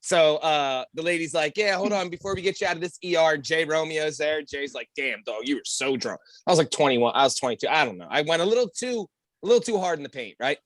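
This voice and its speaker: A young man hosting a podcast, telling crude stories in an animated way with loud outbursts. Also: fairly high pitch, quick pace, no echo. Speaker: podcast host. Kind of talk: casual chat.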